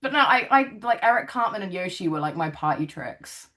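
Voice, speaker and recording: A woman's voice: lowish voice, expressive, a little fast, sharp tone. A British woman in her twenties, a singer chatting casually as an interview guest, talkative and self-mocking, with many "like"s. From United Kingdom.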